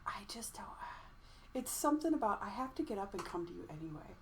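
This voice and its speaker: A woman hosting a casual podcast chat, playful and jokey with drawn-out exclamations. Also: medium pitch, very animated, fairly bright tone, a little hiss or hum. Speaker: podcast host.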